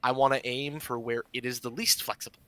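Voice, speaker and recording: A man's voice: mid-range voice, steady tone, a little fast, pushed and bright, no room sound. A man playing a tabletop role-playing game, talking eagerly and playfully about his character's actions. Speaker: player.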